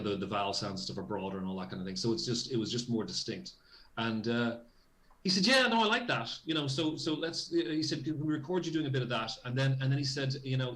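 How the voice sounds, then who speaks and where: Fast-talking Irish man telling a story. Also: on the low side, fairly bright tone. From Ireland. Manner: rambling, self-interrupting, acts out quoted dialogue. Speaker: voice actor guest. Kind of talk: anecdotal interview storytelling.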